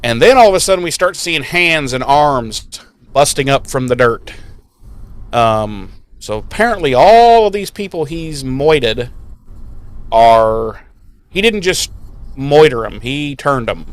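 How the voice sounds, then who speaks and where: A man's voice: mid-range voice, slow, clean tone. A man co-hosting a podcast, recapping an episode in casual chat and acting out the scenes with silly voices. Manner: animated, acts out scenes with silly voices and laughs. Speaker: podcast co-host. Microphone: podcast microphone.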